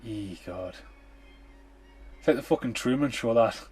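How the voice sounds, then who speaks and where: A man's voice: medium pitch, expressive, a little slow, darkish tone, husky, soft background music. A man hosting a movie commentary podcast, talking over the film in a blunt, sweary, casual way. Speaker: podcast host.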